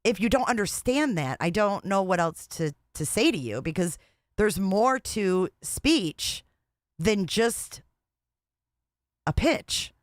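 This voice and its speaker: A woman's voice: medium pitch, animated, measured pace, no echo, clean studio sound. A woman hosting a casual livestream, talking in a blunt, repetitive and exasperated way. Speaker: livestream host.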